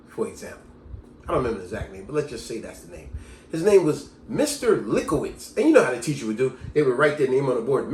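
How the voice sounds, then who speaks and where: Casting: male vlogger, lively storyteller with a bouncy, expressive pitch, recorded in a roomy space. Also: a little hiss or hum. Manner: animated storyteller, lively delivery. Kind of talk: casual storytelling monologue. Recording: echoey room.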